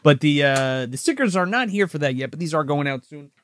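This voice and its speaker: Co-hosting a live-streamed podcast, a man chats loosely and profanely, rambling and restarting often. His voice is a little high and a bit bright, with lively intonation and a fairly quick pace, and there's a little hiss or hum.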